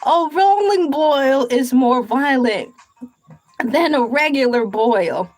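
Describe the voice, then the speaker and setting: A woman's voice: sits high, animated, a little mellow, no room sound, soft background music, rough recording. A woman hosting a casual livestream, reading a recipe aloud and riffing on it with playful, rambling jokes. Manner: playful, rambling, jokey asides; reads aloud slowly, then riffs on it. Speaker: livestream host.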